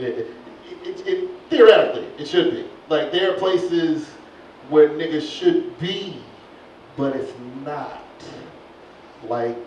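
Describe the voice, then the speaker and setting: A man doing a stand-up comedy set on a club stage, animated, with his voice jumping high for punchlines. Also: slight background noise. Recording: echoey club, far-off lo-fi recording.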